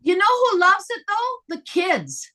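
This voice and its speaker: Brief high, bright woman guiding laughter yoga on a video call, animated, laughs easily. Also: measured pace. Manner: animated, breaks into laughter, guides breathing. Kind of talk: leading a live laughter yoga session.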